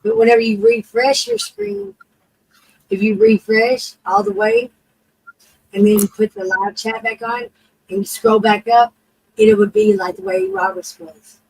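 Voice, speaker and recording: A woman chatting casually on a stream, rambling and swearing, with a gravelly edge. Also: sits high, very animated, a little slow, darkish tone, a little hiss or hum, rough recording. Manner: rambling, swears, many you-know-what-I-means. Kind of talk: casual chat.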